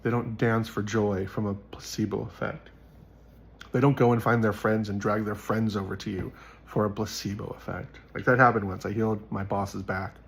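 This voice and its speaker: A man's voice: on the low side, flat delivery, moderate pace, creaky. A man speaking to his viewers in a casual, earnest monologue, rambling with many fillers as he talks about his faith. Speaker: faith vlogger.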